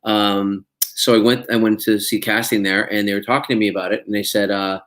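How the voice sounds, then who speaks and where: As an interview guest, this actor rambles through a relaxed chat full of fillers and restarts, laughing frequently. He speaks fairly quickly in a lowish, level voice with a fairly bright tone.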